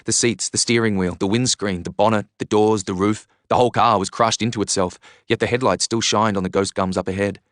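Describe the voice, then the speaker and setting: A man reading a first-person novel aloud in earnest, measured storytelling. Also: lowish voice, steady tone, a bit bright, dry recording, studio quality. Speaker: reader. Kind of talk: audiobook narration.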